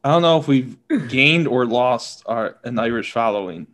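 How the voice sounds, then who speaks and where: A man's voice: medium pitch, lively intonation, normal speed, fairly bright tone. A man co-hosting a casual comedy podcast, reacting with easy amusement to his friend's bits. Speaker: podcast co-host.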